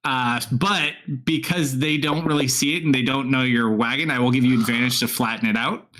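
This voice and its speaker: A man runs the table as game master, his voice sitting at an ordinary middle pitch. He narrates in a relaxed, easygoing way and often breaks into laughter. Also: a little fast, a little hiss or hum.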